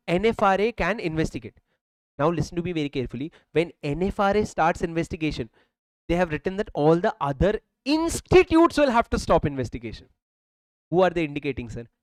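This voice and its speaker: Young indian english guy teaching a class, keeps repeating listen carefully, high voice, dry mic. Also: smooth, dry recording. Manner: emphatic, repeats phrases, addresses students as sir. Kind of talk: classroom lecture. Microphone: handheld or lapel mic.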